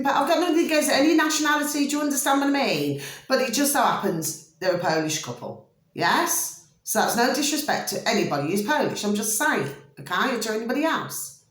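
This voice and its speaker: A woman talking at length to her viewers in a casual, rambling vlog, often checking "do you see what I mean" and swinging between emphatic high bursts and low muttered asides. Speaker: vlogger. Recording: echoey room.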